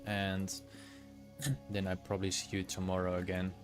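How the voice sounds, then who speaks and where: Easygoing guy streaming a game, talks to chat, kinda low voice, game music going underneath. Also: completely flat delivery, normal speed. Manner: easygoing, chats with viewers while playing. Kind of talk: casual live-stream chat while gaming.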